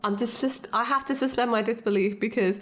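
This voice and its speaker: A woman co-hosting a podcast in casual chat, lively and chatty, often laughing. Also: on the high side, a little fast. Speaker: podcast co-host.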